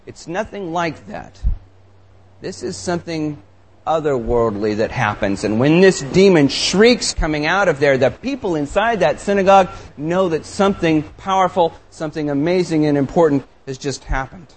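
A man's voice: on the high side, expressive, normal speed, slight background noise. A man preaching a sermon, reading scripture and reflecting on it with earnest, emphatic questions. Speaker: pastor.

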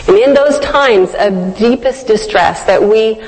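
A woman's voice: a little high, unhurried, a little mellow, slightly rough. A woman giving a devotional sermon, telling a personal story in an earnest, reflective way. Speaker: devotional speaker. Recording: long hall reverb.

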